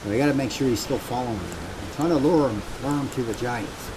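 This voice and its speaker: Speaking a little fast with lively intonation, a man at medium pitch narrates his own gameplay casually, swears a lot, and thinks out loud. The background is noisy, dominated by loud game music.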